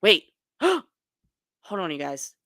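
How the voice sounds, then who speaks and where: A woman hosting a casual livestream roast, teasing and animated with quick asides. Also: on the low side, no room sound. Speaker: livestream host.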